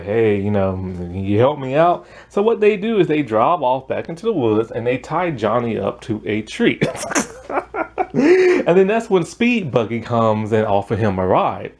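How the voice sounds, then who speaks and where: A man's voice: medium pitch, big pitch swings, measured pace. A man giving a casual spoken review of a cartoon, rambling with lots of fillers and frequent laughter.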